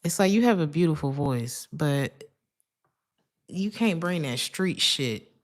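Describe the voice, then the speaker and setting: Low-voiced woman giving a chatty tarot reading. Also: expressive, slow pace. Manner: chatty, laughs often, drifts into asides. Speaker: tarot reader.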